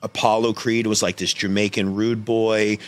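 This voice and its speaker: A man with a very low voice chats as a podcast guest. He rambles through a personal story in a casual, animated way and swears freely. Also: moderate pace.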